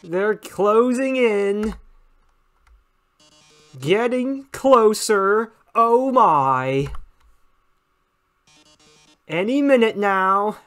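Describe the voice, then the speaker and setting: A man voicing a flamboyant male robot TV star with a theatrical, drawn-out, mock-tragic delivery. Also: sits high, expressive, a bit bright, smooth, soft background music, pitched above the performer's own voice, heavily acted.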